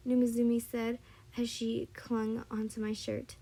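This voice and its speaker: Woman narrating fan fiction, mellow tone, slightly high, casual, trips over the text. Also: level tone, a little slow. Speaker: story reader. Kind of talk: reading fan fiction aloud.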